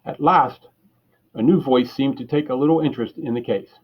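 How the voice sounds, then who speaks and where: A man reads a children's book aloud in a steady, plain voice with a husky edge, clearing his throat now and then. The recording is dull and lo-fi. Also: medium pitch, fairly quick. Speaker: storyteller.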